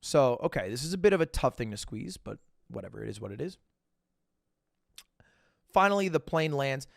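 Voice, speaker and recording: A young man tells his chat a story during a livestream, alternating loud outbursts with quiet asides and performing the quoted lines himself. He talks at normal speed with big pitch swings and some vocal fry. The audio is studio quality, with no echo.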